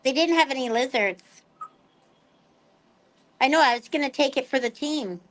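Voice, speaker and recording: A woman with a fairly high voice chats to her pet birds and her viewers. Her talk is playful and rambling, full of casual asides. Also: normal speed, fairly bright tone. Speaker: pet bird vlogger.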